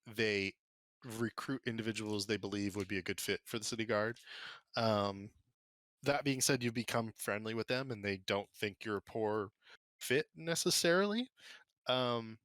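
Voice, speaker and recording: A man narrating as game master for a tabletop game, relaxed and casual, with many fillers. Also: lowish voice, no room sound. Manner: relaxed, filler-heavy narration with quick voiced bits for side characters.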